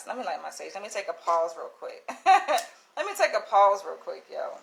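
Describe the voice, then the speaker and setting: Animated, profane woman telling a story. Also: medium pitch, normal speed, gravelly. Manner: animated, profane, laughs often, acts out quotes. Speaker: vlogger. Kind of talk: casual storytelling to camera.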